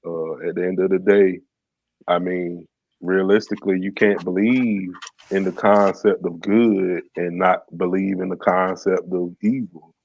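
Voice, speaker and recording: A man's voice: low-pitched, flat delivery, a little slow, vocal fry, darkish tone, no echo, highs cut off. A man co-hosting a podcast, talking in a reflective, rambling way with many fillers. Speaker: podcast co-host. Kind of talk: casual conversation.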